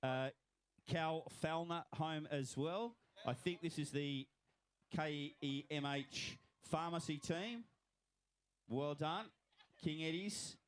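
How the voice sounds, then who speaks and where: A man's voice: fairly high pitch, slow, smooth. A man with an Australian accent, commentating live at a swim finish line and congratulating each swimmer by name.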